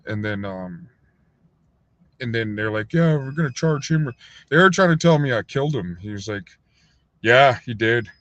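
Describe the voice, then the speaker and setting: A man casually telling a rambling, profane story on a livestream, full of fillers, sometimes acting out other people in a higher voice. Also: expressive, normal speed, pauses often, fairly bright tone, dry recording. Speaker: livestream host. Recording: dull, lo-fi dry sound.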